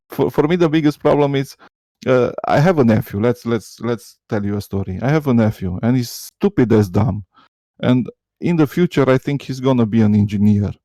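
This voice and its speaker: Casting: non-native English-speaking man, mellow tone, dry close mic, excited and stammering. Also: mid-range voice, no room sound. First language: not English. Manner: excited, stammering, repeats words. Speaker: debate guest. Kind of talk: live online debate.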